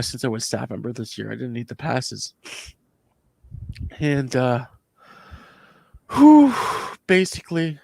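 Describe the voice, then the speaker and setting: Creaky and medium-pitched, the voice belongs to a Canadian former convention staffer who co-hosts a podcast. There's no room sound as he spins a long, swear-filled story, rambling and emotional, with acted-out quotes in a casual chat.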